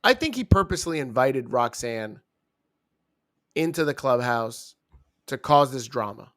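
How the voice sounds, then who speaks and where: A man's voice: mid-range voice, expressive, measured pace, fairly bright tone. A young man co-hosting a wrestling review, talking in casual, joking banter with teasing asides.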